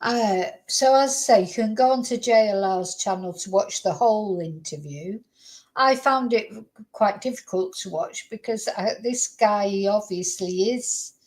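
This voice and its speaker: Casting: woman host, slightly high voice, chatty and rambling. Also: darkish tone, poor audio. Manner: rambling, chatty, thinks aloud. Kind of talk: casual livestream chat.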